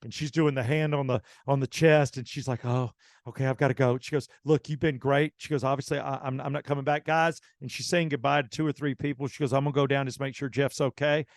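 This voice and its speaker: A man's voice: mid-range voice, quick pace, hardly any pauses, dry recording. Man, middle-aged, radio host, casual storytelling, acts out quotes, dry studio sound. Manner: animated anecdote teller, acts out quoted dialogue.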